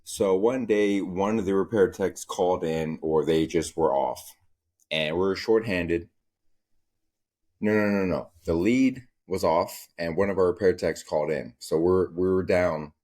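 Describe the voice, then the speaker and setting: Young man ranting on a podcast, low voice. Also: unhurried, a little mellow. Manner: profane, rambling, storytelling. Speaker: podcast host. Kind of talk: casual solo podcast rant.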